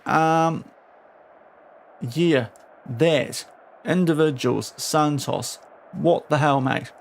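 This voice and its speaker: In a gravelly voice on the high side, with a little hiss or hum, a young man casually commentates his live stream of a football management game. He gets exasperated and scolds his virtual players.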